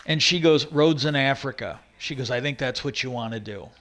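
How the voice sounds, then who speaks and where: A man's voice: mid-range voice, moderate pace, a bit bright. Rambling man retelling a story. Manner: retells stories with many "he goes", frequent restarts and fillers. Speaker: livestream host. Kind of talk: rambling casual monologue.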